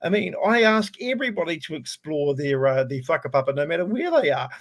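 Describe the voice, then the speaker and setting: A man with a New Zealand accent, ranting in a lively, self-mocking way as he co-hosts a casual talk show. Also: a little high, fast talker. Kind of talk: casual chat.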